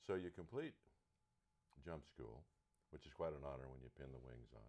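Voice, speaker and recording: A man's voice: very deep voice, lively intonation, moderate pace, darkish tone. A man interviewing a veteran for an oral history, putting in dry, teasing remarks. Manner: dry teasing asides, laughs along.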